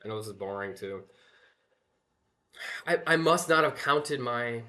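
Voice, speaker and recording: A man's voice: mid-range voice, animated, measured pace, sharp tone, faint music behind. A man commentating his live speedrun, nervous and apologetic, stammering and restarting his sentences.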